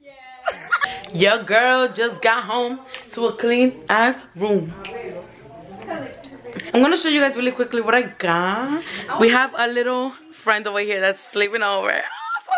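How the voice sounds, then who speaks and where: A young woman talks fast and loose in a casual vlog, loud and excitable, cursing often. Her voice sits high and jumps around a lot. Other people's chatter is heard behind her. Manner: excitable, loud, swears freely. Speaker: vlogger.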